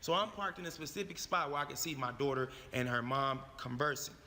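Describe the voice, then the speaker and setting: A man's voice: medium pitch, a little fast, bright, forceful tone, big-room sound, a little hiss or hum. A man telling a personal story in a profane, emphatic way, repeating his phrases for effect. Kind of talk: animated storytelling.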